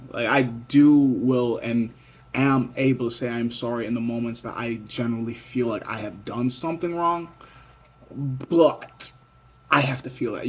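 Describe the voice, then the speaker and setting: A man's voice: mid-range voice, slight background noise. A young man vlogging a rambling, profane late-night monologue that drifts between mutters and whispers.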